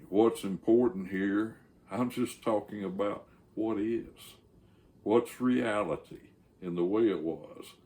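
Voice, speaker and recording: A man's voice: sits low, a little mellow. An older man, the host of his channel, telling a folksy, rambling story with frequent fillers and restarts.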